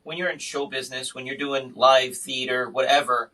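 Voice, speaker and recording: A man who hosts podcasts and performs magic tells lively, animated stories in a casual chat. His mid-range voice is bright and forward, moving at a moderate pace, and he sits a bit back from the mic so he sounds slightly distant.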